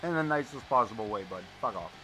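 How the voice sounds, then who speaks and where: Music plays behind a wrestling commentator whose mid-range voice is expressive and quick. His live play-by-play regularly gives way to casual chat and blunt, profane, chatty stories.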